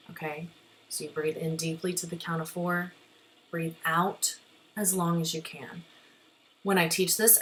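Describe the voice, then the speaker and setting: A woman therapist with a lowish voice leads a calm lesson, gentle and reassuring. She keeps checking in with her listeners as she explains each step. A faint hiss sits under her voice. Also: low-quality recording.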